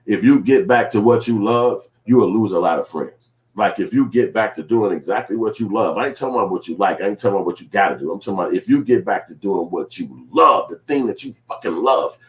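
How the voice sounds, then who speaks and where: A man's voice: fairly low pitch, fast. A man filmmaker in a casual commentary vlog, rambling and profane, acting out little quoted scenes. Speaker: filmmaker and vlogger.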